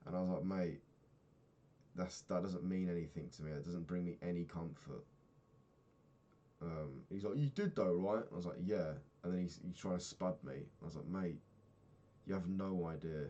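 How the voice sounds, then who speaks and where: Low-voiced young man, subdued and sweary. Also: steady tone, moderate pace, mellow, dull audio. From England. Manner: low-key, heavy swearing, trailing off. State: sad, recently crying. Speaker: vlogger. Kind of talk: personal video diary.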